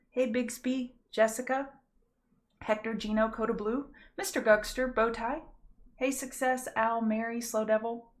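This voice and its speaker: A Louisiana woman with a Southern accent and a medium-pitched voice hosts a casual live pre-market trading show. Folksy and chatty, she greets viewers by name and slows down to enunciate carefully.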